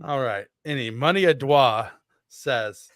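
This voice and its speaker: A man's voice: medium pitch, lively intonation, measured pace, a bit bright, no room sound. Male podcast co-host, casual and playful, dry close recording. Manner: playful, jokey exaggeration.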